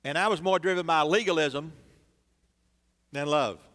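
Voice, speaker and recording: A man's voice: a little high, moderate pace, a bit bright. A man preaching a sermon as pastor, building emphasis through dramatic repetition in a church sanctuary. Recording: long church reverb.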